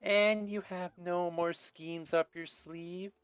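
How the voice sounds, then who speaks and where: A man's voice: high voice, fairly even intonation, takes it slowly, clear, resonant tone, no room sound, faint music behind. A man reading the part of a wary, overly formal young girl, asking stiff, textbook-like questions. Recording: dull lo-fi mic.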